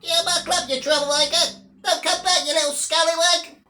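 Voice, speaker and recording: A man putting on the voice of a blustering small man who bosses people around, with a mocking, shouty manner. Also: extremely high pitch, steady tone, a little fast, roomy sound, voice pushed up, heavily acted. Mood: bossy shouting.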